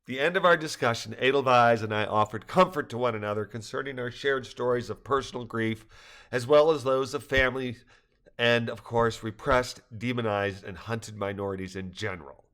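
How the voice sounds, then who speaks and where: An older man reading a personal story aloud, earnest and reflective, with occasional soft laughs. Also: mid-range voice, brisk. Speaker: narrator.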